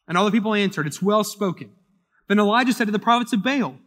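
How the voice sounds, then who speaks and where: High-pitched guy preaching a bible story, dramatic, long echo like a big church. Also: lively intonation, quick pace. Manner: dramatic, swings from loud to hushed. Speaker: pastor. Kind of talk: sermon reading and explaining scripture.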